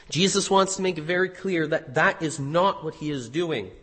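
A man's voice: a little high, moderate pace, hardly any pauses, a bit bright, slightly rough. A man preaching an expository sermon, earnestly teaching a passage with emphatic rises. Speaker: pastor. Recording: reverberant hall.

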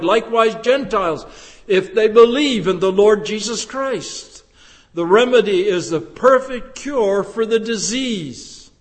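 A man preaching a sermon slowly and deliberately, building to emphatic rises. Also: high voice. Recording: long reverb of a large hall.

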